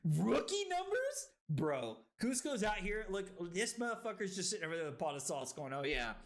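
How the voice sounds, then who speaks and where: A man streaming a card game, tipsy from drinking, who breaks into loud excited outbursts and giggly laughter. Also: sits high, brisk. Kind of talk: live stream gameplay commentary.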